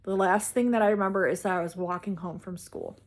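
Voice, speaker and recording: A woman's voice: mid-range voice, steady tone, brisk. A woman vlogger casually telling a personal story, rambling with many "like"s and restarts.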